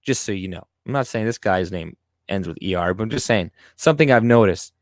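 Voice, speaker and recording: Expressive and a little fast, a young man with a lowish voice and French as his first language hosts a casual livestream. He reads chat comments aloud in a sarcastic, profane rant, with studio-quality audio and no echo.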